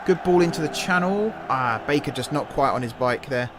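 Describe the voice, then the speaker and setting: A young man giving relaxed, chatty commentary over a football management game, thinking aloud between match calls. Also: mid-range voice, a little fast, background noise. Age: young adult. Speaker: gaming YouTuber and streamer. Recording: game music playing under the voice.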